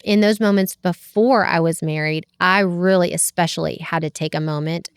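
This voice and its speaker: A woman's voice: lowish voice, steady tone, normal speed, clean tone, no room sound, studio quality. A woman talking through parenting in an earnest, reflective way as a podcast guest. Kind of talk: casual conversation about parenting.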